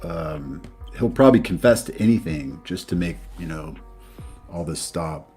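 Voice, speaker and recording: A man's voice: deep voice, animated, normal speed, warm tone, breathy edge, soft background music. A man co-hosting a casual book chat, laid back with lots of fillers. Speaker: podcast co-host.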